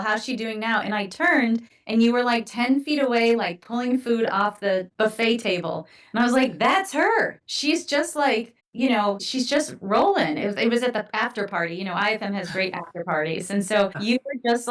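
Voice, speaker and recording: A woman's voice: mid-range voice, far from the mic, rough recording. A woman podcast host chatting enthusiastically, with many fillers like "you know" and "like". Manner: warmly enthusiastic, filler-heavy. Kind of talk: casual interview chat.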